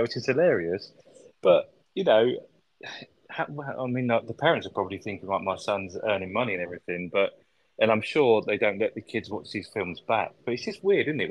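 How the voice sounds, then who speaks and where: A man's voice: on the low side, poor audio. A man co-hosting a podcast, chatting casually about a film, recapping scenes and swearing freely. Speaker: podcast co-host.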